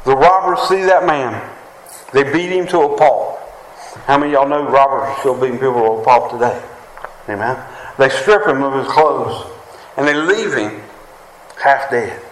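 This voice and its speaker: West Virginian preacher calling out "Amen?". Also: male voice, medium pitch, normal speed, long pauses, a little hiss or hum. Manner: preaching with frequent "Amen?" calls to the congregation. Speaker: pastor. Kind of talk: sermon. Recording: echoey room with faint ambience.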